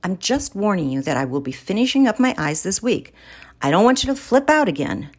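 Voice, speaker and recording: A woman's voice: mid-range voice, sing-song, fairly quick, slightly rough, pitched above the performer's own voice. A woman reading the lines of the narrator's partner, patient and matter-of-fact.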